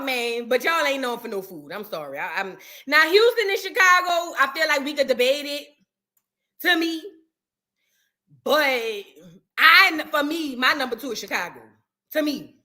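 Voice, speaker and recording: A woman with a New Orleans accent hosts a casual reaction show. Her voice sits high and sounds bright and forceful. She talks in an animated, profane way and speaks straight to her viewers in chat. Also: measured pace, pauses often.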